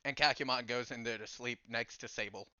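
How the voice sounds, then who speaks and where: Game master guy, bright animated voice, dry lo-fi mic. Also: medium pitch, brisk, clean tone, no room sound. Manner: lively, animated narration. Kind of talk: narrating a tabletop game.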